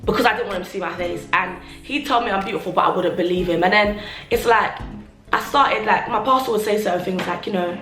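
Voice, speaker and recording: Young woman, bright voice, chatty vlog, roomy echo, faint music. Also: medium pitch, quick pace. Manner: chatty, filler-heavy, acts out remembered remarks. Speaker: vlogger. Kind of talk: casual confessional vlog.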